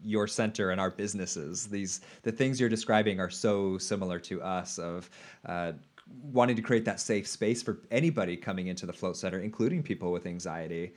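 A man's voice: deep voice, brisk. A man hosting an interview, enthusiastic, stammering a little as he starts sentences. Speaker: podcast host. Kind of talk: conversational interview.

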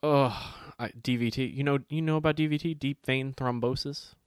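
A man's voice: medium pitch, fairly even intonation, moderate pace, smooth, no room sound, studio quality. A man, co-hosting a casual chat and telling stories animatedly, swearing freely and acting out other people's lines.

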